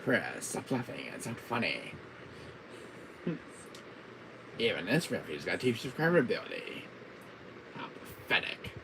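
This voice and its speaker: A man's voice: wildly swooping pitch, moderate pace, vocal fry, background noise, heavily acted. A man putting on the voice of a cold, smug male villain mastermind as a live-stream impression. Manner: low, smug, taunting.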